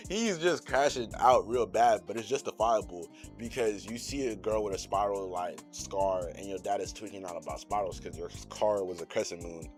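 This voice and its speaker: Deep-voiced young man, slangy casual recap. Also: normal speed, faint music behind. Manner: loose, slangy and profane, heavy on fillers. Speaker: channel host recapping an anime episode.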